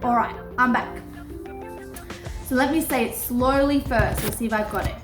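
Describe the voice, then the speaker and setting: A woman's voice: fairly high pitch, moderate pace, echoey room, music in the background. An Australian woman presenting a children's church lesson from her home garage, playful and speaking to kids.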